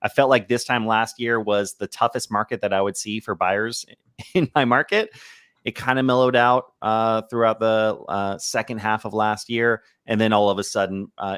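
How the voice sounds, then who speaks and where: A realtor joins a casual livestream as a guest. He talks in an easygoing, upbeat way. His voice is lowish, and the sound is dry with no room echo. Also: level tone, moderate pace, fairly bright tone, clean tone.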